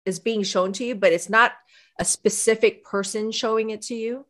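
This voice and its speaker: A woman's voice: a little high, fairly even intonation, moderate pace. A woman hosting an interview, asking playful and teasing questions in a casual chat. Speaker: podcast host.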